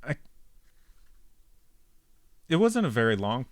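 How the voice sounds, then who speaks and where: Man, streamer, casual game commentary, deep voice, very animated pitch, chatty with viewers, dry close sound. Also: unhurried, no echo. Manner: chatty, answers viewer chat, thinks out loud.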